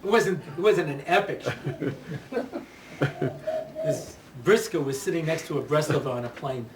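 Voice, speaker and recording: A man with a high voice lectures in a loose, joking way, checking in with his listeners and chuckling at his own stories. He is recorded from a distance in an echoey room. A faint hiss sits under his voice. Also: animated, normal speed. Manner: chatty, checks in with "yeah?" and "you know"; laughs at his own jokes. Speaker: speaker giving a Torah talk. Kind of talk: lecture with anecdotes and jokes. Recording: echoey room, mic far off, faint noise.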